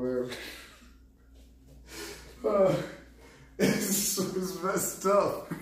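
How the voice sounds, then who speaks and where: A man streaming live, casually rambling about a comedy set, laughing often and talking to his chat. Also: a little high. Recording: roomy echo.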